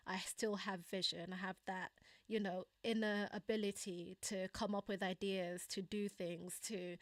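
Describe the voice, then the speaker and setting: A woman's voice: medium pitch, dry recording, studio quality. A young woman with a Kenyan accent hosting a casual live stream, chatty, laughing often and using lots of fillers as she answers viewers. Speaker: livestream host. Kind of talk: casual live chat reading viewer comments.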